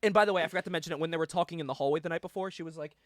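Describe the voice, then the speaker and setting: A man hosting a casual podcast, retelling a comic story in an animated way with plenty of swearing. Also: a little high, rapid-fire, dry recording, studio quality. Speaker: podcast host. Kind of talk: casual comic book chat.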